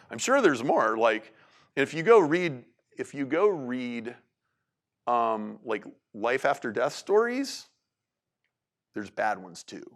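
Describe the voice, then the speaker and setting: A man speaking to an audience in a casual, animated way, full of restarts and filler words. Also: on the high side, unhurried. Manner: animated, conversational, many restarts and "like". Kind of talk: talk to an audience.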